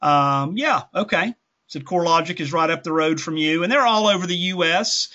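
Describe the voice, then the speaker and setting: A man with a fairly high, sharp voice speaks at normal speed while hosting a group teaching call. He's folksy and rambling, correcting himself as he goes. The call audio is dull and lo-fi.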